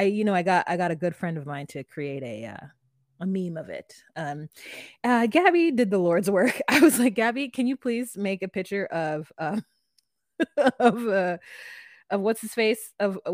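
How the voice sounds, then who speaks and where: A giggly woman chatting loosely on a podcast, her pitch bouncing up and down a lot as she talks. The sound is dry and close-miked, with no room echo. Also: expressive, moderate pace. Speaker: podcast co-host. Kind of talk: casual podcast chat.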